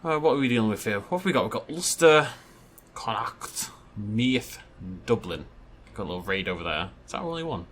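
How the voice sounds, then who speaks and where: A man's voice: lowish voice, big pitch swings, brisk, a bit bright, a little hiss or hum. A man giving playful, self-mocking let's play commentary. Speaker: gaming YouTuber.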